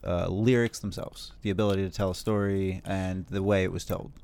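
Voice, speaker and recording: A man's voice: low voice, little pitch movement, brisk, creaky, darkish tone. A man hosting a casual music review chat, reassuring and persuasive as he vouches for an album.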